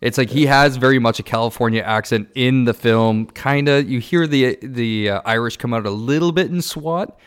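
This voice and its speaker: A man of middle pitch hosting a podcast in casual chat. He leads the talk with loose, rambling questions. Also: moderate pace, few pauses, smooth. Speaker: podcast host.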